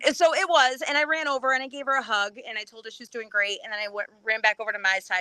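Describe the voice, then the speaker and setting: A woman on a live podcast, telling a story with lively energy, acting out what people said and laughing often. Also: high voice, rapid-fire, few pauses, no echo. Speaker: podcast guest. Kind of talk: excited race recap.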